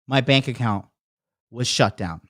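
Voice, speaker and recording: A man's voice: medium pitch, unhurried, a bit bright, dry recording, studio quality. A man hosting a podcast, telling a heated story in a casual, profane rant and acting out the people he quotes. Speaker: podcast host. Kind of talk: casual ranting monologue.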